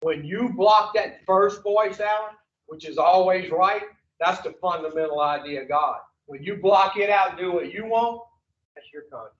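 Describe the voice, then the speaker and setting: A man's voice: high-pitched, normal speed. Profane man preaching to a room. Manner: blunt, profane, with rhetorical questions to the room. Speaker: recovery speaker. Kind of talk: preaching talk to a group. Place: meeting room at an addiction recovery center. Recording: roomy, distant, muffled room recording.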